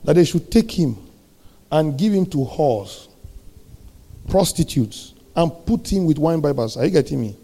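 A man preaching a sermon, animated, throwing rhetorical questions at the congregation and swinging between loud and soft. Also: on the high side, measured pace, breathy edge.

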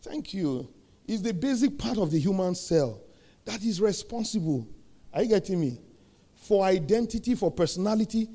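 Man, pastor, gravelly, high voice, dark tone, preaching, rising to shouts. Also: expressive, normal speed. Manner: preaching with call-and-response questions, building to shouted peaks. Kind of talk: sermon.

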